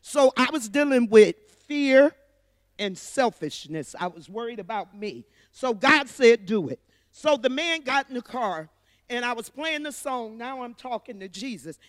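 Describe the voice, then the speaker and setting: A woman's voice: fairly high pitch, lively intonation, a little slow, no echo, studio quality, in a large hall. A woman sharing a personal testimony at church, telling her story earnestly and from the heart.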